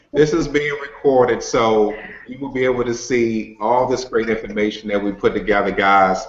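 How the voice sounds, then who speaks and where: A man's voice: mid-range voice, fairly even intonation, a little slow. A man coaching a group on a video call, casual and motivational, folksy with lots of "you know" and "okay". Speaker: network marketing coach hosting a webinar. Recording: roomy, dull video-call audio.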